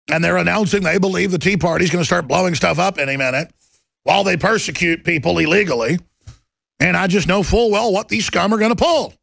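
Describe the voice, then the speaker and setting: A man hosting a talk show, delivering an impassioned, urgent monologue that bursts into shouting. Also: fairly high pitch, creaky, no echo.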